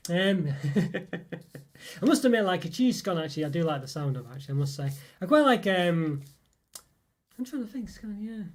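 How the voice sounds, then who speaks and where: With a high, sing-song voice at a moderate pace, a male live streamer reviews chocolate, chatting loosely and reading viewer comments with plenty of fillers and laughs.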